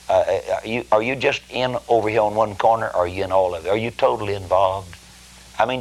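Male preacher, low and gravelly, folksy and emphatic sermon delivery. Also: poor audio. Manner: folksy, rambling, emphatic with many "I mean" asides.

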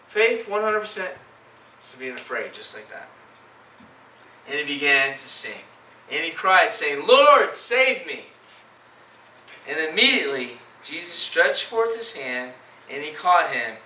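A man preaching a sermon in an animated way, with restarts and dramatic pauses. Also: fairly high pitch, slight background noise. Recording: echoey room, mic from far off.

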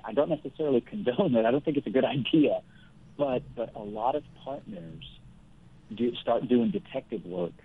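A man speaking as the guest counselor in a conversational interview, explaining things earnestly and in a measured way, with everyday examples. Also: medium pitch, slightly rough. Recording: phone-like thin line.

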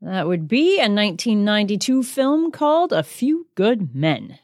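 A woman hosts her own podcast alone, talking casually and poking fun at herself between word games. Her pitch rises and falls a great deal, and she stretches words out when she reads the quiz items. The sound is close and dry, with no room around it. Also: sing-song, darkish tone, no room sound. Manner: chatty and self-deprecating, slows down to read quiz words. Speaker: podcast host.

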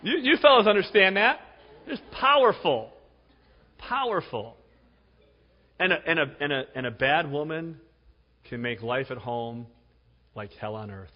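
A man's voice: fairly high pitch, very animated, a little slow, pauses often. Conversational preacher man in a reverberant hall. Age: 40s. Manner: conversational, jokey, repeats "right?". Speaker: pastor. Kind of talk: sermon. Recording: dull sound with long hall reverb.

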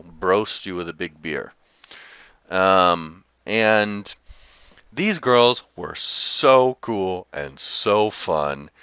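An animated man tells a travel story to camera with plenty of laughter and swearing. His voice is bright and forward, and the sound is dry and a little dull, as on a lo-fi recording. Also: deep voice, clean tone, dry recording. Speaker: travel vlogger.

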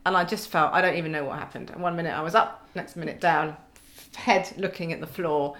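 A woman's voice: fairly low pitch, fairly even intonation, brisk, a bit bright. Wry woman laughing through her story. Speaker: podcast guest. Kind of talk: casual chat.

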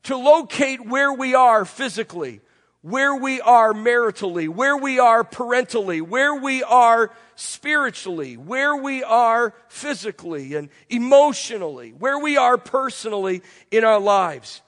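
Congested guy giving a sermon, pretty high voice, long echo tail, lots of questions and repeats. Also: expressive, unhurried, a bit bright. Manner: rhetorical questions and repeated phrases. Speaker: pastor. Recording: long reverb from a large room.

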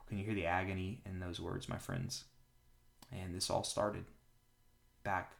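A man hosting a Bible reading podcast, reading scripture aloud in an earnest way and pausing for reflective asides with gentle fillers. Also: deep voice, level tone, creaky.

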